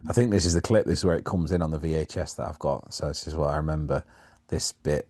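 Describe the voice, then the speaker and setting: A man's voice: extremely low pitch, fast, warm tone, no room sound. A man co-hosting a podcast, chatting casually about an old sitcom episode, laughing often and trailing off with fillers. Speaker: podcast co-host.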